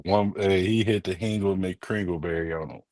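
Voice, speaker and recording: A man co-hosting a sports podcast, talking in a loose, slangy, excitable way and laughing often. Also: low-pitched, normal speed, no echo. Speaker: podcast co-host. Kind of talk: casual sports chat.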